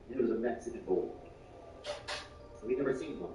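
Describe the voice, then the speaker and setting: A man telling a stand-up story with lots of energy. He swings from hushed asides to loud bursts and uses slang and swearing. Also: medium pitch, huge pitch swings, a little fast. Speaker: stand-up comedian. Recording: roomy, distant, muffled, with clear background noise.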